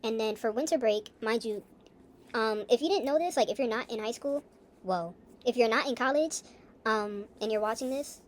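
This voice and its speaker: A woman's voice: fairly high pitch, normal speed. A young woman talking in a casual, rambling video diary, full of fillers and asides. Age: young adult. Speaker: vlogger.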